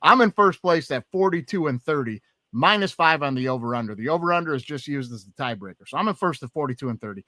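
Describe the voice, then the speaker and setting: A man hosting a sports podcast, talking through football picks in a casual, animated way. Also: fairly high pitch, fast, no room sound. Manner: animated, swears when excited. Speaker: podcast host. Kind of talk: casual sports betting chat.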